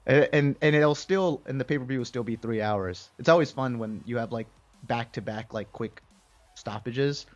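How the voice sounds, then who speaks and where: This podcast co-host is a young man with a medium-pitched voice and a moderate pace. Relaxed and rambling, he chats casually, laughs a lot, and fills his speech with fillers, all captured in dull lo-fi audio.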